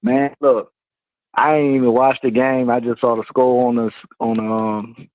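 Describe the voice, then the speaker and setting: A man's voice: mid-range voice, flat delivery, normal speed, no room sound. A man calling in to a sports show, talking bluntly and casually with lots of slang. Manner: blunt, slangy, laid-back. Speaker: caller. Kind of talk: casual phone call-in. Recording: dull phone-line audio.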